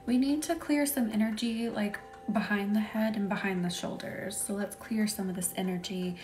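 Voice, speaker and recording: Young woman, reiki host on a live stream, chatty and giggly, drifts into whispers, soft music behind. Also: mid-range voice, fairly even intonation, moderate pace, hardly any pauses. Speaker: reiki practitioner hosting a live session. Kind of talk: casual live-stream chat with guided energy work.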